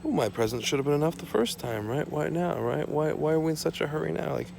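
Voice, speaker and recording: Gravelly man ranting to camera. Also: on the high side, animated, fast, darkish tone, slight background noise. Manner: ranting, profane, repetitive, drifting off topic. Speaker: vlogger. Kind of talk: rambling monologue to camera. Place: small home.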